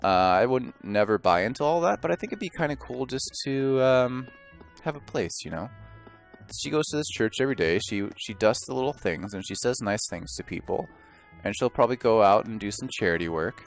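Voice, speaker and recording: A man's voice: mid-range voice, expressive, a little fast, faint music behind. A man rambling and joking through casual let's play commentary, often stopping and restarting mid-thought. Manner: rambling, self-interrupting, joking.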